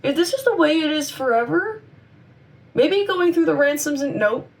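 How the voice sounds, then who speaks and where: A woman's voice: high voice, animated, normal speed, far from the mic. A woman in her twenties, chatty and upbeat, rambling to camera in a casual vlog, her voice a little worn. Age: 20s. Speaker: vlogger and convention seller.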